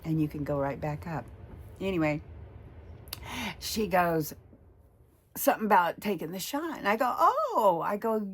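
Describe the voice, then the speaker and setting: A woman's voice: fairly low pitch, moderate pace, long pauses, a little hiss or hum. A woman in her sixties talking in a casual personal vlog, chatty and emotional, retelling her conversations. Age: 60s. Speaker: vlogger.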